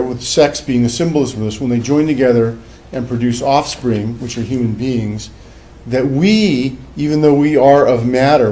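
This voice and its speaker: A man's voice: medium pitch, dark tone, slight background noise, rough recording. A man giving a classroom lecture as a psychology professor, loose and conversational, with many fillers and asides.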